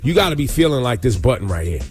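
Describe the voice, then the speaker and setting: A man hosting a morning radio show, teasing his co-host in a wry, measured way. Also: medium pitch, sing-song. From United States. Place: radio studio. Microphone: studio microphone. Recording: radio studio with music bed.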